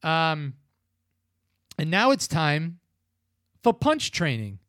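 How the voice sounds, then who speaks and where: A man's voice: fairly high pitch, sing-song, takes it slowly, fairly bright tone, dry recording, clean studio sound. Rambling man recapping a movie. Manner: rambling retelling with filler words. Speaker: film review podcast host. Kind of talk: casual plot recap.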